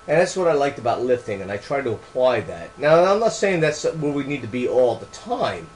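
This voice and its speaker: A man explaining his training book in a casual, unscripted way, earnest and rambling, often restarting phrases and shifting between soft trailing words and loud emphatic bursts. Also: mid-range voice, slight background noise, low-quality recording.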